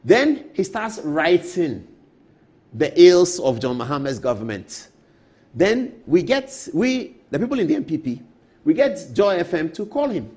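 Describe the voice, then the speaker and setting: A man's voice: a little high, very animated, measured pace, darkish tone, slightly rough. A man with a Ghanaian English accent giving emphatic political commentary in a TV studio, repeating his key points and slipping into storytelling asides.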